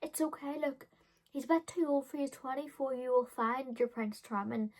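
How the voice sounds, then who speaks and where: A woman putting on a soft, soothing grown-up woman. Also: sits high, moderate pace, voice pushed up. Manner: soothing, gentle, reassuring. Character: calm kindly grown woman comforting a teen.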